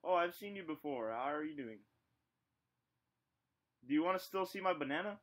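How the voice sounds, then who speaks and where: A man's voice: on the high side, lively intonation, moderate pace, a bit bright. A man heard through a computer mic on video chat, hosting a prank. He talks in a playful, mock-threatening way, jokey and teasing. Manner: playful, mock-menacing, joking.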